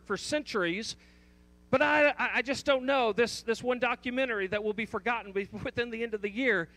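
A man's voice: sits high, a bit bright. A man preaching a sermon, pressing a repeated question with emphatic stress and frequent restarts. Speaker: pastor.

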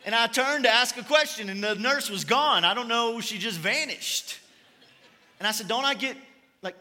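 A high, bright male voice, preaching a sermon in a relaxed storytelling manner with light humor. His words carry a long hall reverb, as if from a church auditorium. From Kentucky. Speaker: pastor.

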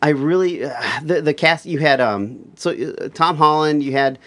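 A man's voice: on the high side, normal speed, a bit bright. A man hosting a podcast, chatting casually and enthusiastically, often restarting his sentences. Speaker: podcast host. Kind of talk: casual chat.

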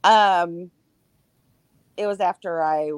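A middle-aged woman on a podcast panel, telling a personal story in casual chat with halting starts and fillers. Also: lowish voice, fairly even intonation, smooth, no room sound.

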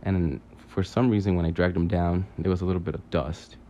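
A man telling a long dream story in a halting, rambling way, full of fillers, restarts and casual swearing. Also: low-pitched, fairly even intonation, mellow, highs cut off, slight background noise. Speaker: podcaster recounting a dream.

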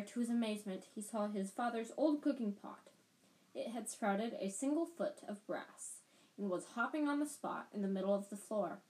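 Give me a woman with an average-pitched voice reading a storybook, stumbling now and then. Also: a little mellow, low-quality recording. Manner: stumbles and restarts words. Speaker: podcast storyteller.

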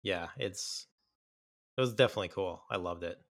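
A man's voice: low voice, moderate pace, vocal fry, fairly bright tone, dry recording, clean studio sound. A man co-hosting a casual chat about horror films, enthusiastic and rambling, with many fillers and restarts. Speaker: podcast co-host.

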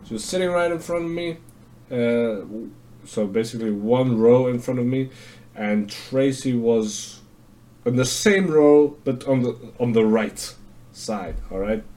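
Male podcast host, unhurried, rambling and profane. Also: medium pitch, dark tone. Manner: rambling, profane, lots of fillers. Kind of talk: casual monologue.

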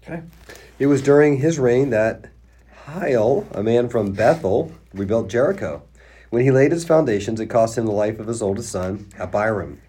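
A man's voice: mid-range voice, moderate pace, mellow, breathy edge. A congested male pastor co-hosting a podcast, talking in an easygoing way and reading scripture aloud. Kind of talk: podcast Bible reading and chat.

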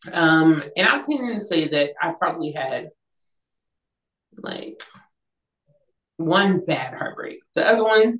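Young adult woman, low register, lively storyteller. Recorded roomy and off-mic. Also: distant mic. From Northern California. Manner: animated storyteller, acts out quoted voices, laughs often. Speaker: interview guest, singer-songwriter. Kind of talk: casual storytelling interview.

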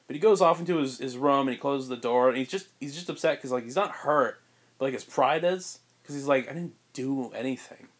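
Rambling laughing man pitching a story. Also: brisk. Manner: rambling, laughs often, many fillers. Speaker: podcast co-host.

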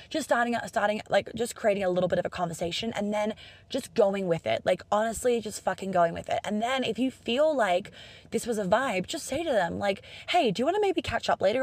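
A woman's voice: mid-range voice, brisk, dry recording. Chatty Australian woman, dry close sound. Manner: chatty, profane, upbeat, acts out quoted dialogue. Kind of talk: casual monologue to camera.

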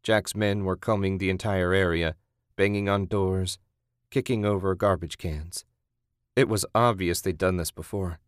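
A man reading a horror story aloud in a steady, measured narration. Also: sits low, clear, resonant tone, no room sound, clean studio sound. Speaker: audiobook narrator.

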